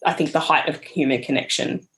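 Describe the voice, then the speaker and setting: A woman's voice: low voice, brisk. Earnest woman telling a story. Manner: warm storytelling, earnest and reflective. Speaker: podcast guest. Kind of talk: casual conversational interview.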